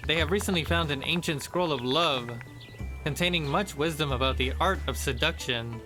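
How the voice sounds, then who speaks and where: A man voicing a smooth-talking male lutin forest sprite in a tabletop-style game, overly polite and ingratiating. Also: on the high side, moderate pace, music in the background, lightly acted. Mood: smug.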